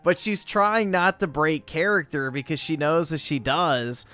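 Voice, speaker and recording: Slow, crude-talking co-host man. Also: a little high, pushed and bright, faint music behind. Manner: crude, dismissive. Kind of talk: livestream commentary.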